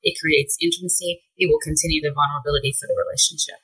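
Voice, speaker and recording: Husky-voiced woman therapist giving advice. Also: low-pitched, poor audio. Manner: calm, measured, speaking in lists of tips. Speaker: guest sex therapist. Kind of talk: advice-giving interview talk.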